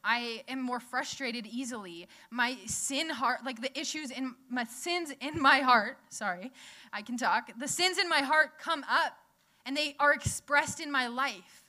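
Her voice is high, bright, and forceful, with a measured pace. At a church gathering, this young woman preaches informally, chatting with listeners, quizzing them, and laughing a lot.

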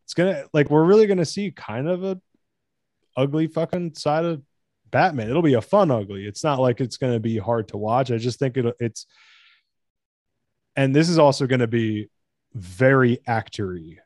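An American man talking excitedly in a casual podcast chat, rambling and swearing. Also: mid-range voice, normal speed, dry recording, clean studio sound. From United States.

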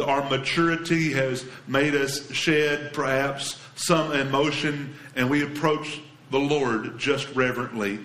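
A man preaching a sermon as a pastor, earnest and emphatic, going soft and low when he quotes scripture. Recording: roomy echo.

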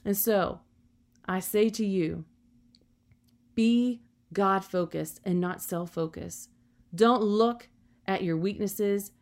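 A woman's voice: lowish voice, a little mellow. A woman preaching a sermon in an earnest, encouraging way, often adding "you know" as she talks.

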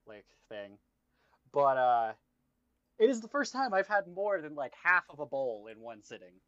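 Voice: mid-range voice, very animated, a little slow, a bit bright, dry recording. Casual storyteller, swears freely and rambles; dull, dry lo-fi mic. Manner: rambling, profane storytelling full of "like". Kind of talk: casual chat.

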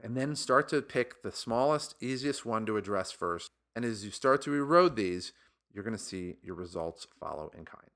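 A man's voice: fairly low pitch, lively intonation, moderate pace, fairly bright tone. A man hosting a sales podcast, talking alone in an earnest, encouraging coaching tone. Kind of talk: motivational solo podcast monologue.

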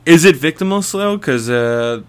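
A man's voice: fairly high pitch, lively intonation, unhurried, clear, resonant tone. Young man telling rambling stories. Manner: rambling storyteller, swears a lot, laughs often. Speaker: podcast co-host. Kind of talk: casual podcast chat.

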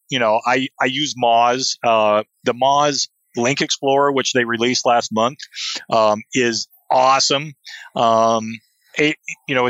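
A man's voice: mid-range voice, fairly bright tone, smooth, no echo, highs cut off. A man talking as a guest in a casual interview, enthusiastic, with many fillers and restarts. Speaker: podcast guest, SEO expert.

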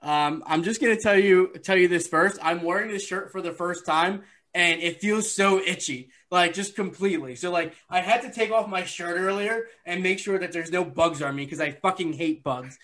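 A man with a notably high speaking voice hosts a casual podcast chat. He is excitable and rambling, and he laughs easily as he talks. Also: moderate pace. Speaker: podcast host.

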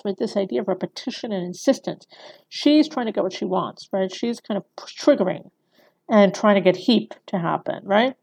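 A woman's voice: mid-range voice, normal speed, gravelly, darkish tone. A woman giving a conversational screenwriting lecture, often checking in with her listeners by asking "right?". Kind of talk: recorded lecture.

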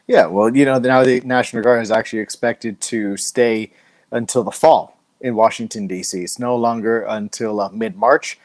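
A man's voice: on the low side, fairly even intonation, normal speed, darkish tone, no echo. A man hosting a political talk show, talking conversationally and wryly, with frequent fillers. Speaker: host.

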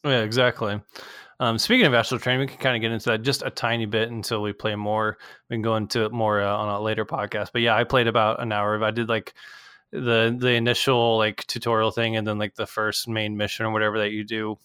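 A man's voice: fairly low pitch, level tone, quick pace, bright, forceful tone, clear, resonant tone, no room sound, studio quality. A young man hosting a casual podcast, rambling with lots of fillers and swearing, acting out quoted people in a raised voice. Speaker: podcast host. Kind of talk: casual chat.

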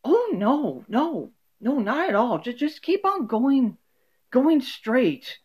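Sweet dim older woman, high sing-song, fan doing the voice, sitcom parody. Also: very animated, takes it slowly, darkish tone, breathy edge, dull audio, full character voice.

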